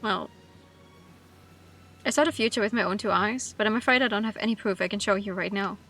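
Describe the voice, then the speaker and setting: A woman's voice: medium pitch, a little fast, pushed and bright, soft background music. A woman reading the lines of an earnest, headstrong young man in a game, pleading to be trusted.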